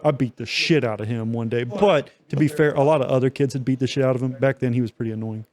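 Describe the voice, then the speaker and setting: A man's voice: medium pitch, fast talker, darkish tone. A young man co-hosting a podcast, telling a long story in loose, profane casual chat with many fillers. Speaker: podcast co-host.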